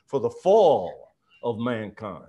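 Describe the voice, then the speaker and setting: A man hosting a talk show, asking thoughtful questions in a halting way. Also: medium pitch, very animated, dark tone.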